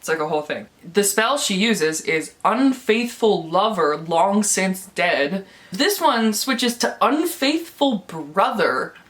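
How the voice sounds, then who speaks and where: A woman's voice: medium pitch, expressive, takes it slowly, a bit bright, far from the mic. A young woman vlogging a book review, sarcastic and swearing, laughing between complaints and mocking what she reads. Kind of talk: casual vlog rant.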